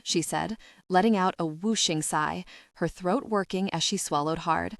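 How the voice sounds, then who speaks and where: A woman reads a first-person audiobook in a lowish, even voice. Her delivery is wry and conversational, with the odd swear thrown in. The recording is dry and close. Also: moderate pace, no room sound. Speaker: audiobook narrator.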